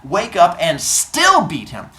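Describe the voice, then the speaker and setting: A woman's voice: on the low side, wildly swooping pitch, slow, fairly bright tone, full character voice. A woman voicing a boastful, taunting male rabbit in a fable told to a class, in an echoey classroom. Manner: bragging, taunting.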